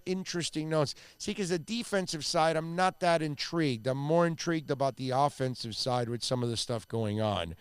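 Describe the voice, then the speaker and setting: A man's voice: fairly high pitch, clear, resonant tone, no room sound. A man hosting a sports radio show in a loose, chatty way, with a Miami accent and lots of fillers. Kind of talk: casual sports radio talk.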